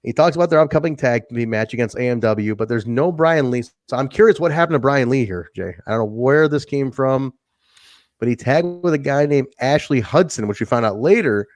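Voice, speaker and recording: A man co-hosting a wrestling review podcast, talking in a casual, animated way, laughing often and acting out quotes. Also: mid-range voice, a little fast, dry recording. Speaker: podcast co-host.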